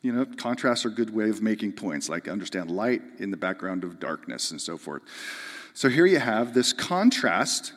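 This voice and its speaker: A man preaching a sermon, building to emphatic, fervent peaks and dropping back to soft, earnest explanation. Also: fairly low pitch, very animated, normal speed. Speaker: pastor. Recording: long hall reverb.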